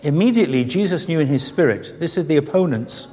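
Earnest preacher in a reverberant hall. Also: male voice, on the high side, sing-song, normal speed, hardly any pauses, a little mellow. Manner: earnest, storytelling, rhetorical questions. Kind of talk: sermon.

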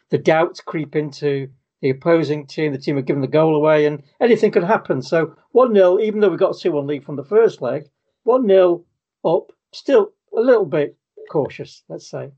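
A man's voice: a little high, mellow, lo-fi sound. A man co-hosting a podcast, chatting casually about football with frequent restarts. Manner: hesitant, restarts often. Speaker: podcast co-host.

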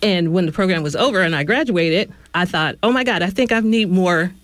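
A woman's voice: fairly low pitch, a little fast, no room sound. A woman co-hosting a community radio show who tells her story reflectively and often corrects herself midway. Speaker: radio apprentice co-host. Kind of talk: casual radio chat. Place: radio studio.

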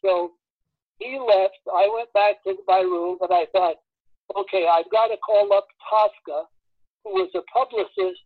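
Man, lively, husky-edged raconteur, slips into character voices, dry dull lo-fi recording. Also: high-pitched, unhurried, dry recording. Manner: animated storyteller acting out quoted voices. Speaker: former record promotion man telling stories. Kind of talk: casual anecdote-telling.

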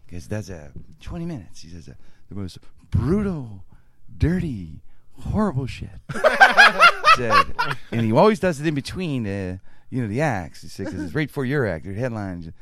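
A man's voice: medium pitch, sing-song, moderate pace, bright, forceful tone, slight background noise. A man hosting a comedy podcast who reads a sponsor spot and tells loose, profane stories, laughing often. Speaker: podcast host. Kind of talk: casual comedy podcast chat and storytelling.

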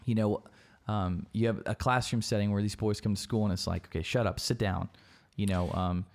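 A man hosting a casual podcast chat about politics, talking in an animated way and mimicking public figures. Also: fairly low pitch, brisk. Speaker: podcast host.

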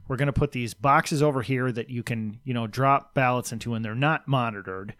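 A man's voice: medium pitch, moderate pace, no echo. A man co-hosting a podcast in casual political chat, blunt, sarcastic and emphatic. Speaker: podcast co-host.

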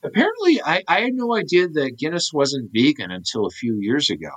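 A man's voice: fairly high pitch, very animated, a little fast, breathy edge, poor audio. A man in his thirties co-hosting a podcast, chatting casually and rambling with lots of fillers. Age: 30s. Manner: rambling, many fillers and restarts. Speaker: podcast co-host. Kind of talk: casual chat.

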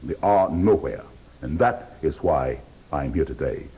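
Defiant, booming man with a deep bass. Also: animated, unhurried, dark tone, husky, low-quality recording. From United States. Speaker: witness at a hearing. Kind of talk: archival hearing testimony.

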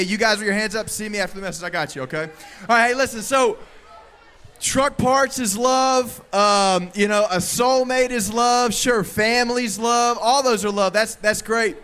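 Holding a handheld microphone in a youth service hall, a male youth pastor delivers an energetic, crowd-engaging sermon. His high voice rings out bright and smooth at normal speed as he jokes playfully with the room and loudly calls out to listeners.

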